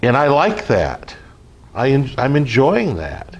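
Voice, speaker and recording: Middle-aged man, husky voice, earnest informal preacher who keeps checking in with the group. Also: mid-range voice, wildly swooping pitch, slow pace, lo-fi sound. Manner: earnest, repetitive, frequent "okay?" check-ins. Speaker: spiritual group leader. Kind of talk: informal spiritual teaching.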